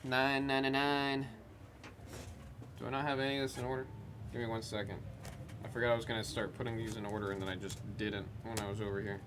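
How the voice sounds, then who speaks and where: Opening cards live, this male host calls out player names as he goes, joking and rambling along the way. He talks fast at medium pitch with little pitch movement, and there's background noise.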